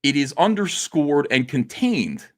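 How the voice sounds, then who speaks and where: A man hosting a comics livestream, talking in a theatrical monologue that swings between quiet and loud, with frequent laughs. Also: fairly high pitch, big pitch swings, unhurried.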